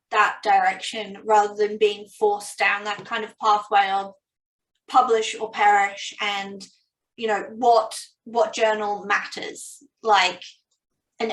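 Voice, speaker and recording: A young woman, a PhD student, talking casually and self-deprecatingly about her research, full of "like" fillers. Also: mid-range voice. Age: young adult. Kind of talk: casual academic conversation. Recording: roomy sound from a distance.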